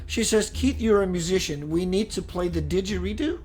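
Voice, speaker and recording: A man hosting a live-streamed spiritual talk, greeting viewers, reading their comments and shifting into slow, preachy passages. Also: sits high, darkish tone. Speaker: spiritual livestream host.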